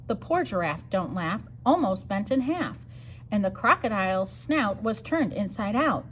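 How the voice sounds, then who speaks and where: A woman reading a rhyming picture book aloud for storytime, sing-song and expressive. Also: mid-range voice, normal speed, slight background noise. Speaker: storytime reader.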